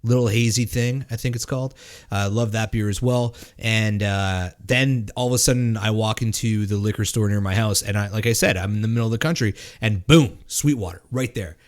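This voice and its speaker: Rambling, foul-mouthed man co-hosting. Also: on the low side. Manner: rambling, profane, halting with fillers. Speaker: podcast co-host. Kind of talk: casual drinking-show chat.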